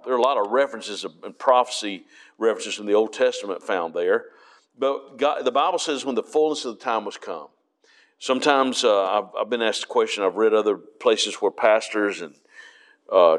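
A man preaching a Bible study, reading verses aloud and explaining them with frequent restarts. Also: fairly low pitch.

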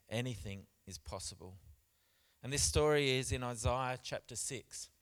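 A man preaching a sermon in church, stressing points with repeats and swinging between loud and soft. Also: mid-range voice, moderate pace. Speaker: pastor.

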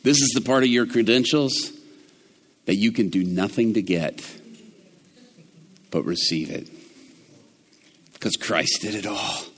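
A middle-aged male preacher giving a sermon, moving from hushed, low storytelling to loud, fervent preaching. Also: measured pace, long pauses, long reverb tail.

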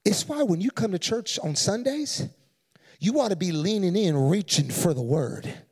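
A male pastor preaching a fervent sermon that rises to shouts, with drawn-out stresses, recorded in a church with long reverb. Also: high voice, animated, husky.

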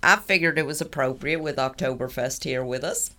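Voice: medium pitch, brisk. A podcast co-host chatting casually, joking around and tossing in "y'all" and "baby". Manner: relaxed, jokey, uses "y'all" and "baby".

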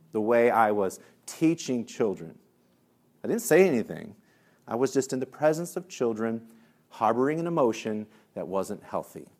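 A male discipline trainer giving a lively workshop talk, telling stories, acting out voices and laughing at his own jokes. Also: medium pitch. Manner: lively storyteller who acts out voices.

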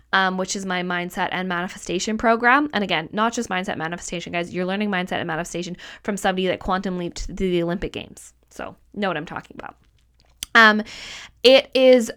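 A woman's voice: mid-range voice, fairly bright tone. A woman hosting a solo podcast as a mindset coach, talking casually and emphatically, repeating points for stress and swearing now and then.

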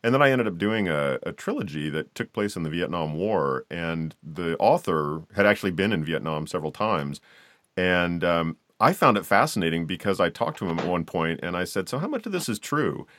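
A man hosting a casual interview podcast, affable and relaxed, telling his own stories. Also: low-pitched, normal speed. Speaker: podcast host.

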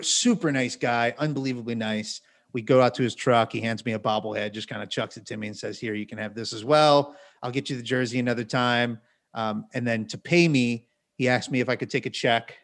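Wry man rambling through a story. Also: medium pitch. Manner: rambling, with self-corrections and asides; wry, self-mocking. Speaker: podcast co-host. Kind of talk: casual storytelling.

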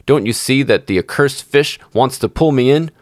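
A man voicing a grumpy, greedy little old male dwarf in a storybook reading, shrill and scolding. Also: normal speed, dry recording, clean studio sound, lightly acted. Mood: indignant. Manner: snarling, scolding.

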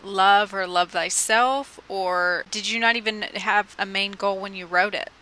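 Woman interviewer, bright tone, mid pitch, engaged, open questions. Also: steady tone, measured pace, low-quality recording.

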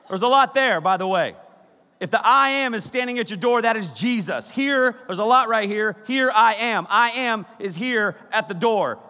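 Male pastor, 30s, high and bright, comic storyteller in the pulpit, big reverberant church hall. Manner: jokey, acts out scenes with sudden shouts. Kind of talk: animated sermon.

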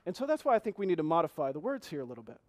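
A man preaching as pastor, reading scripture slowly and asking the congregation earnest questions. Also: on the high side, very animated, darkish tone, dry recording. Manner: reads scripture slowly, repeating key phrases. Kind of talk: sermon.

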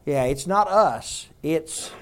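A man preaching a sermon in a conversational way, quizzing the congregation and dropping to a hush on tender points. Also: on the high side, animated, takes it slowly. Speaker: pastor.

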